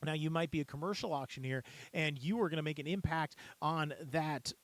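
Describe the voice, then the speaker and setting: A man who coaches auctioneers, explaining the auction chant in an upbeat, repetitive way and breaking into quick chant demonstrations. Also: fairly high pitch, no room sound. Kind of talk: instructional talk to camera.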